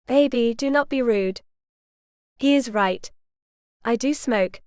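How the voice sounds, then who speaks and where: A woman's voice: fairly high pitch, slow, darkish tone, smooth, no room sound, studio quality. A woman voicing a blunt, sassy older waitress who talks bossily.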